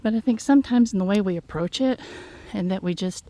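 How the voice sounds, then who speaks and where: A woman, slightly out of breath, talking gently and haltingly to her viewers outdoors on a phone. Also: medium pitch, no room sound. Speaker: farm vlogger. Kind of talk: casual heartfelt talk to viewers. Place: outdoors in fog. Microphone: handheld phone.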